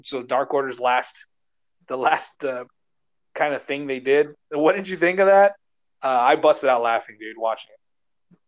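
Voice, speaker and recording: A man co-hosting a casual podcast, rambling and animated, swearing and acting out quotes as he retells scenes. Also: medium pitch, measured pace, pauses often. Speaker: podcast co-host. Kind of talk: casual chat.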